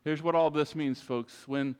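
A man's voice: a little high, steady tone, a little slow, a little mellow, clear, resonant tone. A man preaching a sermon to his congregation, emphatic and repetitive, speaking to them directly. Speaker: pastor. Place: church sanctuary. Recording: long reverb of a large church.

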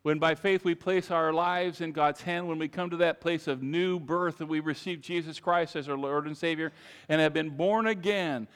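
A man's voice: a little high, steady tone, moderate pace, fairly bright tone, clean tone. A man preaching a sermon to his congregation, emphatic and repetitive, speaking to them directly. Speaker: pastor. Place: church sanctuary. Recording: long reverb of a large church.

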